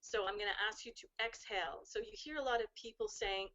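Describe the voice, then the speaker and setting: A woman's voice: mid-range voice, fast talker, sharp tone, dull audio. A woman speaking as a guest, giving earnest, flowing advice in casual chat.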